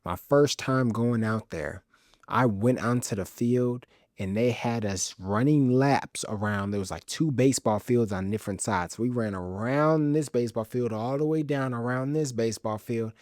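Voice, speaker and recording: A young man from the Chicago suburbs hosting a podcast, telling stories in an animated, casual way and playing them up for laughs. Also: medium pitch, normal speed, no echo, clean studio sound. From Chicago's South Side suburbs, Illinois. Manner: animated, comic exaggeration, casual slang. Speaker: podcast host. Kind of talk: solo storytelling monologue.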